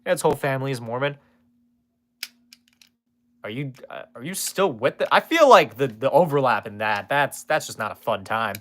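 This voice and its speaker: A man talks loosely to his live-stream chat, cracking jokes and swearing as he answers viewers. His voice is bright and forceful, and his pitch swings widely from line to line. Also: lively intonation, moderate pace, long pauses. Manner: rambling, swears freely, jokey asides to chat.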